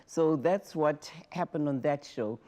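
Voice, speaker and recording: An older woman from Africa, a former talk show host telling stories in an emotional, animated way as an interview guest. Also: sits low, a little slow. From South Africa. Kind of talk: interview, personal storytelling.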